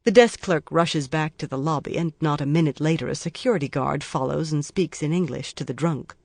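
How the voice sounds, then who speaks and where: An audiobook narrator reading a crime thriller in a measured, even storytelling manner. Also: mid-range voice, vocal fry, no echo.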